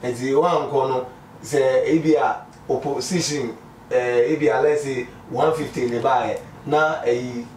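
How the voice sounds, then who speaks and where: A man with a Ghanaian accent answers an interviewer in a halting, stop-start way, switching between pidgin English and Twi. He sits back from the microphone, so his voice comes through with some echo. A faint background noise runs beneath it. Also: mid-range voice, steady tone, a little mellow. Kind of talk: casual street interview. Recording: echoey, distant mic, faint noise.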